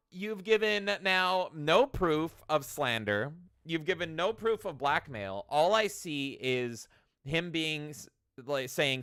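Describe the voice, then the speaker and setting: Excitable cursing man on a podcast. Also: fairly high pitch, slow, smooth, dry recording, studio quality. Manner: animated, profane ranting with mocking quotes. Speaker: podcast co-host. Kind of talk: casual podcast chat.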